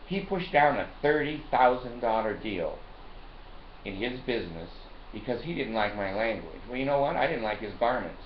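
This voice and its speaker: Man, mid-pitched, rambling profane storyteller, roomy dull lo-fi recording with faint hiss. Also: animated, moderate pace. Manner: profane, digressive, laughs between lines.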